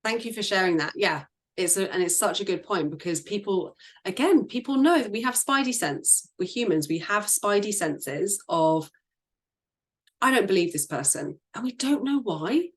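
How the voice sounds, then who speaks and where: A woman's voice: mid-range voice, animated, moderate pace, breathy edge. A woman business and sales coach talking casually in a group discussion, chatty, laughing often and acting out quoted lines.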